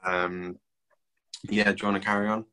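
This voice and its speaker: A man's voice: fairly low pitch, moderate pace, smooth, low-quality recording. A man casually walking through a comic book plot on a podcast, with frequent ums and read-out lines. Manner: relaxed, summarizing with filler ums.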